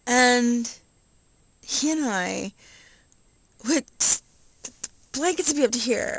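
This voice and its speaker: An older woman talking casually in a rambling, nostalgic way, laughing softly now and then. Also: a little high, animated, slow pace, pauses often, rough recording. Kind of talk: casual home video vlog.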